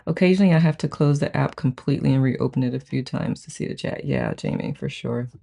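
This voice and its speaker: Gravelly, mellow live-stream host. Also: mid-range voice, wildly swooping pitch, quick pace. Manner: greets each viewer by name and reads the chat aloud; chatty, gushing, frequent "I love it". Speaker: host of a live book-study group. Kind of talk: casual live-stream chat.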